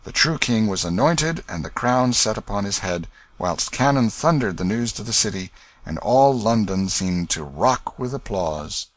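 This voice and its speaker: A man reading a classic novel aloud as an audiobook narrator, in a steady storytelling manner. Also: on the low side, a little slow, no echo.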